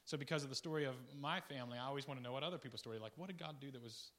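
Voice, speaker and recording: A man giving an informal guest sermon. He talks in a rambling, conversational way with restarts and asides, swinging between loud, excited bursts and quiet, low remarks. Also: racing. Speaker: guest preacher.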